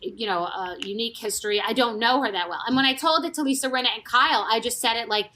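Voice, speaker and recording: She was once on a reality show, and she tells gossip casually and candidly, rambling through many restarts and digressions. Her voice is fairly high, bright and forceful, she talks fast, and there's slight background noise.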